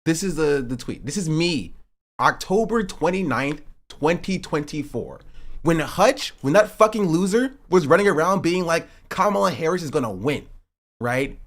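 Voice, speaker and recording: A man talking on a casual livestream, pressing his points hard and circling back to them again and again. His pitch swings widely from low to high as he leans into each claim. He swears freely and sounds loose and unscripted. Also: lively intonation, normal speed. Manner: emphatic, repeats his points. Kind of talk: casual livestream political commentary.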